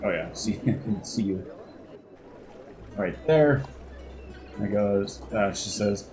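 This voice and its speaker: Slow-talking male dungeon master. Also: fairly low pitch, animated, darkish tone. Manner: unhurried, chuckling, thinks aloud between rolls. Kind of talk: narrating a tabletop game.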